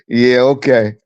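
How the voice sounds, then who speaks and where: A man hosting a live stream, reacting to a clip with loud mocking laughter and profanity. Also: medium pitch, dry recording. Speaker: live show host. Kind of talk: casual live-stream commentary. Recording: dull dry lo-fi sound.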